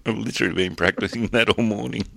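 A man's voice: fairly low pitch, steady tone, quick pace, creaky, a bit bright, no room sound, studio quality. A man co-hosting a podcast in casual chat, joking and laughing often. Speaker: podcast co-host.

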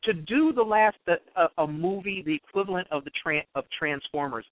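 A man hosting a radio talk show, speaking haltingly with many restarts and fillers. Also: high-pitched, lively intonation, no echo. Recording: dry, phone-like line.

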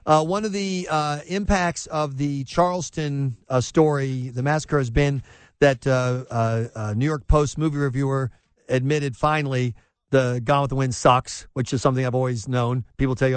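A man hosting a talk radio show, brash and energetic, giving his opinions. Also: medium pitch, normal speed, clean tone, dry recording. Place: radio studio.

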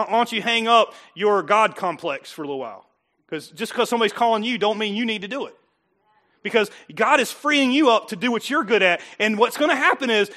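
Bright, high-voiced preaching man. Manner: punchy, conversational preaching with rhetorical questions. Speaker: pastor. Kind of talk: sermon. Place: church.

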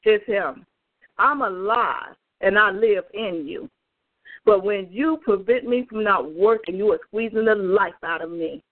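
Speaking a little slowly at a medium pitch, this woman evangelist shares a fervent, emphatic testimony straight to the people on a prayer call. The phone line sounds tinny.

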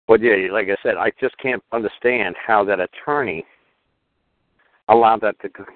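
A radio host takes calls on his show, speaking at a normal speed in a lowish voice. His talk is rambling, emphatic and blunt, and the dry recording has a tinny phone-line sound.

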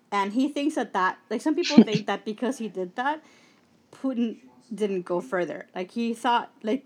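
A woman co-hosting a casual political podcast, recapping news stories with blunt, profane asides. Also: mid-range voice. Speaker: podcast co-host. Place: Brooklyn.

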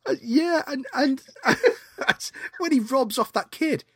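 A man co-hosting a podcast, chatting casually about films, laughing often and animated. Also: extremely high pitch, slow pace, no room sound, studio quality. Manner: animated, laughs often, acts out film scenes. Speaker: podcast co-host. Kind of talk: casual film chat.

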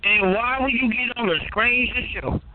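A man's voice: extremely high pitch, moderate pace, no room sound. A man calling in to a talk show, teasing and complaining in a drawling way. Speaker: caller. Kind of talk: casual call-in banter. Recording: tinny phone line.

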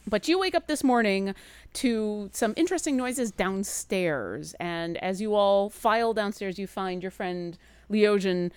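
Smooth-voiced woman game master. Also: medium pitch, a little slow, no room sound. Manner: relaxed storytelling with fillers. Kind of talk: narrating a tabletop game.

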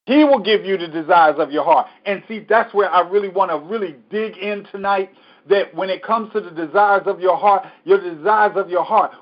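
A man's voice: sits high, muffled recording. A man teaching a Bible study as pastor, preaching emphatically and repeating scripture.

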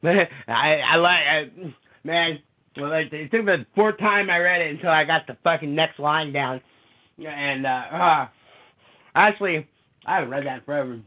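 Profane poet-host on a tinny line. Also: male voice, on the high side, normal speed. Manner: profane, laughing, rambling. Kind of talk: casual chat and poetry reading. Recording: tinny phone-like sound.

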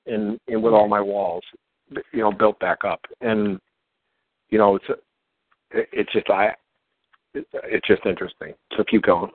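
A man in a coaching session, talking through his feelings in halting, stammering speech as he searches for words. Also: lowish voice, dry recording. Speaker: client. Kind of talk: reflective self-exploration talk. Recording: dry phone-like line.

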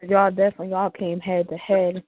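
A woman's voice: on the low side, completely flat delivery, a little fast, a little hiss or hum. Woman hosting a call-in show, tinny. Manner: upbeat, laughs often, loose slang. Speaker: radio show host. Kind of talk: casual live call-in hosting. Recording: tinny phone-like call audio.

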